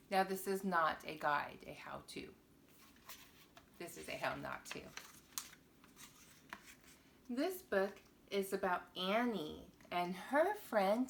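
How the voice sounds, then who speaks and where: Slow, playful woman reading a picture book to kids. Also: fairly low pitch, gravelly, noisy background. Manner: playful, expressive storyteller addressing young viewers. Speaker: children's book reader.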